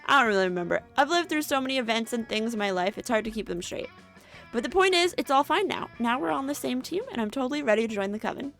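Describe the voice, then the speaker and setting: A bubbly, macabre eldritch horror schoolgirl, as a woman puts her on for a tabletop-style game, gushing and excitable with a fairly high voice. Faint music plays underneath. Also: fast, gravelly. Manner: gushing and excitable, stammers happily.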